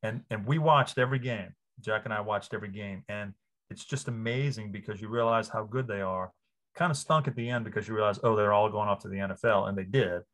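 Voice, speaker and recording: A man in his fifties from Louisiana, a sportswriter guest on an interview, telling stories with lively enthusiasm. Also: on the low side, fairly quick. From New Orleans area, Louisiana. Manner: enthusiastic, animated storyteller. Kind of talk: casual interview.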